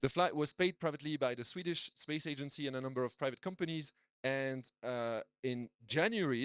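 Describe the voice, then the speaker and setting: A man's voice: mid-range voice, no echo. A man, a doctor, giving a conference talk with slides, chatty, with many restarts and repeated words. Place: conference hall.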